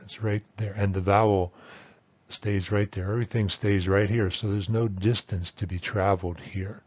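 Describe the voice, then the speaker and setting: Male language teacher, low husky voice, patient and methodical, dull dry lo-fi recording. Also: darkish tone, no room sound. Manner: patient, methodical, models sounds slowly. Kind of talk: explaining pronunciation over slides.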